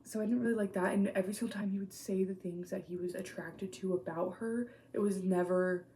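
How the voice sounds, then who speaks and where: Young woman, casual vlog chat, warm mellow tone, blunt, swears freely, hesitant trailing asides. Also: mid-range voice, steady tone, brisk. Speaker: reading vlogger.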